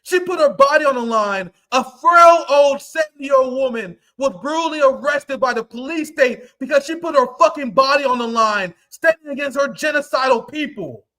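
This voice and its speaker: A male livestream host delivering an angry, profane rant, often breaking into shouts. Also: very high-pitched, animated, normal speed, few pauses.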